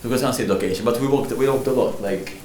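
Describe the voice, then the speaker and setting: Speaking at a racing pace in a mid-range voice, a young man hosts a podcast, joking, rambling and laughing often in a casual chat. The mic is distant, giving a roomy echo and faint noise.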